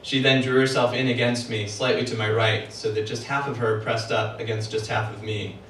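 Author reading aloud in an echoey room. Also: male voice, mid-range voice, little pitch movement, fairly bright tone, distant mic, a little hiss or hum. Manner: measured first-person narration. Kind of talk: reading his novel aloud. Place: event room for a book party. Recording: echoey room, heard from afar.

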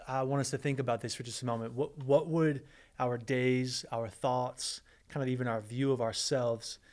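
A man's voice: mid-range voice, a little mellow. A middle-aged man, a pastor, preaching with earnest emotion and leading a prayer. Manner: earnest, emotional, repeats words. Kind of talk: sermon with prayer.

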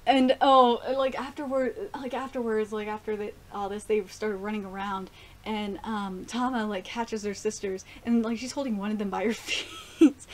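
A young woman casually reviewing an anime episode, gushing and excitable, swearing now and then. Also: on the high side.

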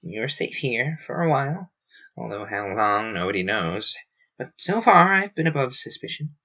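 A man reading aloud, voicing a guilt-ridden male alien official who speaks in a choked, halting hush. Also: mid-range voice, sing-song, lo-fi sound, exaggerated voice. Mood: somber.

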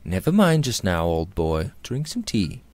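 A man reading aloud, voicing a young gentleman who speaks quietly and soothingly to a distressed friend. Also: deep voice, huge pitch swings, unhurried, no echo, studio quality, exaggerated voice. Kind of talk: audiobook character reading.

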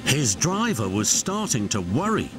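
A man with a British accent narrating a children's story in an expressive studio voice-over and doing all the characters. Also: medium pitch, measured pace. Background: music.

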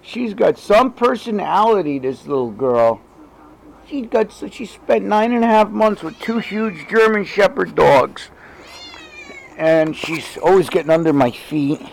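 A man talking to his pet cat in a casual home video, switching between everyday muttering and high sing-song baby talk. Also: lively intonation, a little slow, vocal fry, slight background noise, poor audio. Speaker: cat owner. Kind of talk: casual talk to a pet while doing chores. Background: cat meowing.

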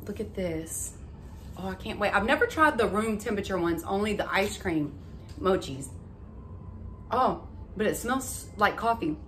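A woman, chatting excitedly to her viewers in a casual haul vlog. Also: medium pitch, a little slow, long pauses, slight background noise. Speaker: vlogger.

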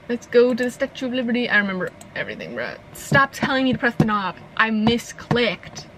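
A woman's voice: fairly high pitch, sing-song, brisk, few pauses, fairly bright tone, a little hiss or hum, low-quality recording. A young woman in casual gameplay commentary, chatty and sarcastic, swearing and laughing freely. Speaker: gaming channel host.

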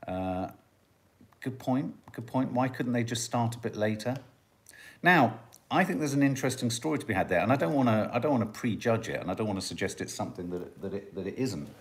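Brief: male livestream host, jokey and chatty, voice swinging up and down, middle pitch. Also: expressive, a little fast. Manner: chatty, jokey, musing aloud. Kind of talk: casual live chat, reading out viewer comments.

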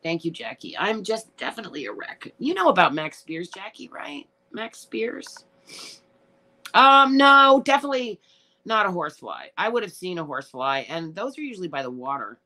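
Animated ranting woman, emotional and profane. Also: medium pitch, moderate pace. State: tearful and upset. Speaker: livestream host reading chat. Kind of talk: casual live-stream chat.

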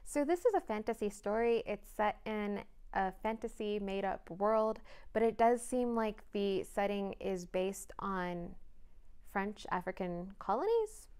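Young woman book vlogger, casual and chatty, hedges often; smooth, clear tone at a mid pitch. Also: expressive, unhurried, a little mellow. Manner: chatty, thinking aloud with frequent hedges. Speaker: book reviewer. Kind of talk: casual vlog chat.

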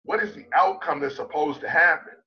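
A man gives an online conference talk as a public speaking coach, emphatic and slowing to land his points. His voice sits fairly high for a man. The sound is dull and lo-fi, as over a video call. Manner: emphatic, asks rhetorical questions, slows down to stress points.

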